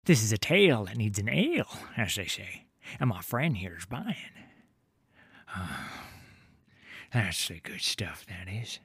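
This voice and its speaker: A grizzled old sailor spinning yarns. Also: male voice, on the low side, very animated, takes it slowly, long pauses, a bit bright, dry recording, studio quality, exaggerated voice. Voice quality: rough dockside sailor dialect, dramatic whispers and roars. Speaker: tavern storyteller. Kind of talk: dramatic audio story narration.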